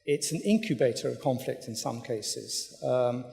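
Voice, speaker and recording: Halting man in an echoing hall. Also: mid-range voice, creaky, a little mellow, faint music behind. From Britain. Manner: thoughtful, halting, many fillers and restarts. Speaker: conference speaker, newspaper editor. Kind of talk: conference talk. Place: hotel conference hall. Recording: reverberant conference hall.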